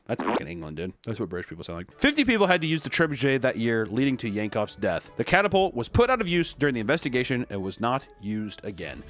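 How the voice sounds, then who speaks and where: A young male streamer reads a video aloud and riffs on it in loose casual chat full of "like" and swearing. His voice sits at a middle pitch but rises and falls a great deal. Faint music plays under his talk. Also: fast. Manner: animated, swearing, loose filler "like"s. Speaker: streamer and channel host. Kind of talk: casual reaction commentary while reading a video aloud.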